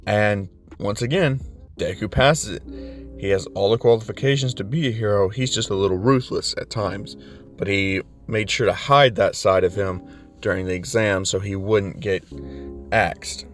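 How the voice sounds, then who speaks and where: A man's voice: fairly low pitch, moderate pace, faint music behind. A man casually narrating a fan story in a loose, rambling way.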